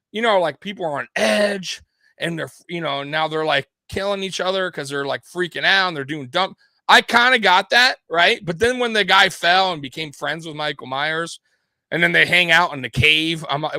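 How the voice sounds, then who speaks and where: A man's voice: high voice, expressive, moderate pace, pushed and bright, no room sound, studio quality. A man co-hosting a sports podcast, ranting in casual chat with lots of profanity and laughter.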